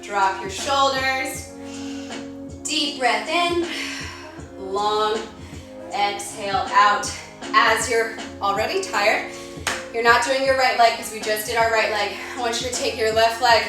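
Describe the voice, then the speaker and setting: A woman leading a live-streamed yoga class, out of breath, giving brisk cues and counting down the holds. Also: on the high side. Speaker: fitness instructor. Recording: echoey room, far from the mic, music behind. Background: workout music.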